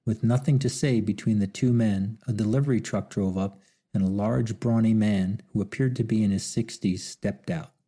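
A man narrating an audiobook in a measured, somber storytelling manner. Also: fairly low pitch, fairly even intonation, mellow, slightly rough. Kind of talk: scripted narration.

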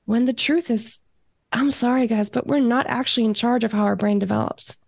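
A woman's voice: a little high, steady tone, a little fast, vocal fry, darkish tone, no room sound, studio quality. A woman guest on a casual podcast, talking emphatically and swearing for emphasis.

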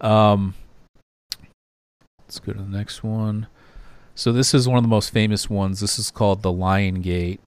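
A man with a low-pitched, smooth and clear voice hosts a casual podcast chat, hesitating often and filling gaps with ums as he walks through pictures. The sound is close and dry, with no room around it. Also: flat delivery, a little slow, pauses often, no room sound. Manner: rambling, hesitant, many fillers. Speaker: podcast co-host.

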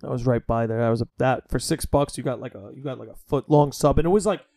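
A young man hosting a podcast, chatting casually and telling stories in a profane, animated way. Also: medium pitch, fast. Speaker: podcast host. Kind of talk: casual chat.

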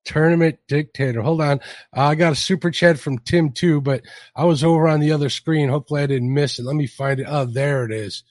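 A male podcast host chats loosely with his guests, often stumbling and restarting as he reads out viewer comments. His voice sits a little high for a man, and the sound is dry and close. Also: fairly even intonation, brisk, a little mellow, no room sound. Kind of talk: casual livestream chat.

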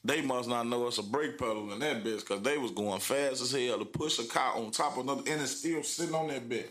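A man's voice: mid-range voice, brisk, a bit bright. A man in casual banter with friends, rambling through an anecdote with restarts. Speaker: friend in group chat.

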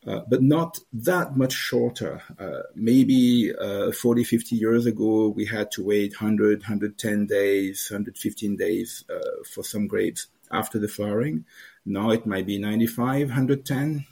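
Low raspy guy explaining slowly, lots of uhs. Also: a little mellow. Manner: hesitant, many "uh" fillers, explanatory. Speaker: wine grower. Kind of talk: interview answers.

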